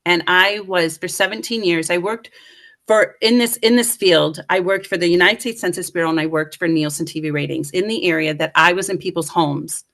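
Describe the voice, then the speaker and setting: A woman guest in middle age telling a story with lively, self-mocking humor, acting out the voices of the people in it. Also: lowish voice, fairly quick. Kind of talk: animated storytelling.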